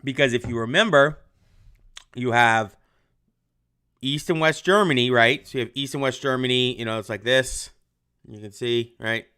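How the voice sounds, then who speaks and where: A man's voice: medium pitch, normal speed, pauses often, bright, forceful tone, clean tone. A young adult male history teacher giving a casual livestreamed lesson, chatty with lots of ums, answering viewer comments. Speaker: high school history teacher.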